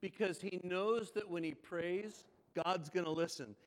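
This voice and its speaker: High-voiced man preaching a sermon. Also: unhurried, long reverb tail. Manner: conversational preaching with rhetorical questions. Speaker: pastor.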